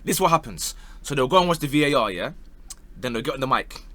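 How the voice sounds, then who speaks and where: A man's voice: mid-range voice, fast talker. A young man giving casual, mocking football commentary to camera, full of slang and "bro". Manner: animated, mocking, slangy, says bro a lot. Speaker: football opinion vlogger.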